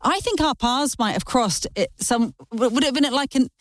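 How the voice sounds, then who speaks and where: A woman's voice: high voice, no room sound, studio quality. A woman hosting a radio interview, chatty and upbeat. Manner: upbeat, chatty, reads lists briskly. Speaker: radio show host.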